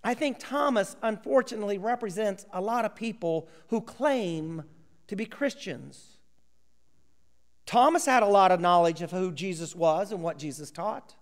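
Animated high-pitched pastor preaching in a hall. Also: male voice, moderate pace. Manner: dramatic, acts out voices of biblical characters. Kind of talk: sermon.

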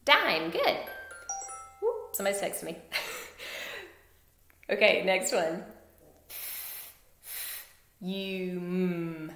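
Slow, gravelly teacher in an echoey room. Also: female voice, mid-range voice, huge pitch swings, sharp tone, faint music behind. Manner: slow, encouraging, sounds out word parts. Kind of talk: phonics lesson for young children.

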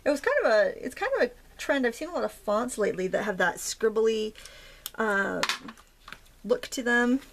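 A woman from Maine with a light Maine accent hosts a casual craft tutorial at home, chatting, joking and thinking aloud as she works. Her voice is a little high and animated, at a normal speed. Slight background noise can be heard.

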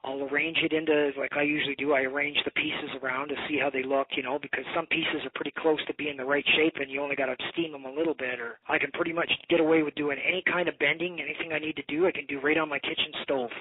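A man's voice: on the high side, flat delivery, quick pace, few pauses, slightly rough, dry recording. A man telling a long rambling story in a casual phone conversation, swearing now and then. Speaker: bow maker. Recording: tinny phone line.

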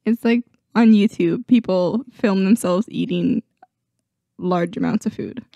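Hoarse, gravelly young woman chatting. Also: medium pitch, unhurried, dark tone, no room sound, studio quality. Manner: laughs often, self-deprecating. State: hoarse from illness, with a sore throat. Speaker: podcast co-host. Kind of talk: casual chat. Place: home, on a couch.

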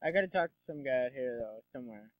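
A man's voice: mid-range voice, lively intonation, fast, no echo. A young man giving casual, rambling gameplay commentary, full of sarcastic asides and swearing. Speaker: let's play commentator. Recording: dull lo-fi dry mic.

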